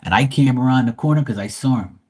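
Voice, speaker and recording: A man's voice: mid-range voice, quick pace, a little mellow, slightly rough. A man from Bermuda, retelling a neighbor quarrel in a profane, heated way on a casual livestream. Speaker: live tarot reader.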